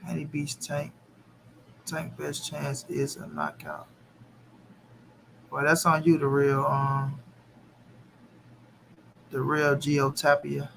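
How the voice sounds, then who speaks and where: Bright-voiced man chatting on a live stream. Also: fairly high pitch, takes it slowly, vocal fry, long pauses, a little hiss or hum. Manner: loose, profane, talks back to chat. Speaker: boxing channel host. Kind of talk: casual live-stream chat.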